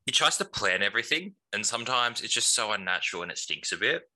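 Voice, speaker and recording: A man's voice: fairly low pitch, big pitch swings, quick pace, bright, forceful tone, poor audio. A young man, co-hosting a podcast in offhand, wry casual chat. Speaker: podcast co-host.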